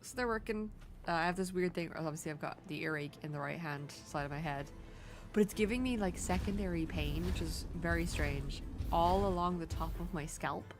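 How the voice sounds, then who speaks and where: Irish woman streamer, lowish voice, lively yarn-spinner, soft music underneath. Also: a little fast. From Ireland. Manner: animated storyteller, jumps high when quoting people. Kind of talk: casual chat while gaming.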